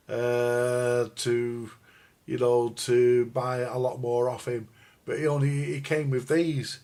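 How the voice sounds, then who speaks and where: With a mid-range, slightly mellow voice, an older man rambles to his live-stream viewers about records and radios. As a record collector vlogger, he's crude and jokey and calls them "guys."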